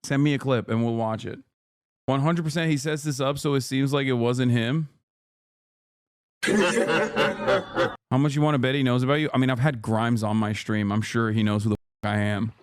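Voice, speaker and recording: A male streamer reacts to clips, blunt and swearing freely in an excitable rush of commentary. His voice sits at an ordinary middle pitch and sounds dry and close. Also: moderate pace, long pauses, clean tone, no echo. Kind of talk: casual commentary.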